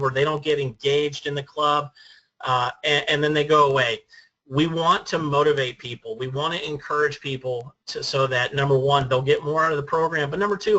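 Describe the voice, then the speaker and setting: A man's voice: mid-range voice, bright, forceful tone, dull audio. A man giving an instructional talk as a speech trainer, earnest and methodical, laying out his points by number.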